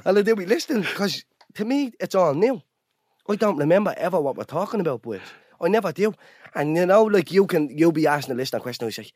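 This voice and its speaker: A man's voice: high-pitched, expressive, a little fast, no echo, clean studio sound. A young Irish man co-hosting a podcast, telling rambling stories in casual banter, laughing often and calling his friends "boys". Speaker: podcast co-host.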